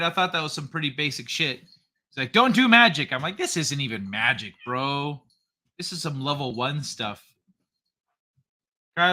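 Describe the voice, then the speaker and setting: A man's voice: on the high side, pushed and bright. A man hosting a casual livestream, reading chat aloud in a loose, profane way and laughing often. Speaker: livestream host.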